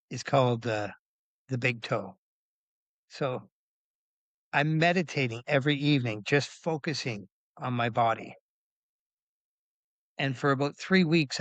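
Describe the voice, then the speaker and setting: A man in his fifties telling his story as a podcast guest, animated, acting out quoted voices with big jumps in pitch and swearing freely. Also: no echo. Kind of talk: candid storytelling interview.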